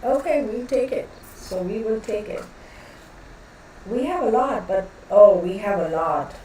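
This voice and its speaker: A woman's voice: mid-range voice, expressive, measured pace, mellow. A woman, chatting casually and rambling as she hosts a live tarot stream and greets viewers by name. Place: home room with a fan running. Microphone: distant mic, noticeable echo. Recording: very echoey room, voice far from mic, faint fan noise.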